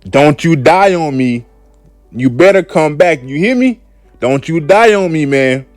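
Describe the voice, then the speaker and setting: A man's voice: a little high, expressive, unhurried, no echo, soft background music, voice pushed up. A man quoting an earnest young male pirate captain, speaking urgently in his own everyday voice.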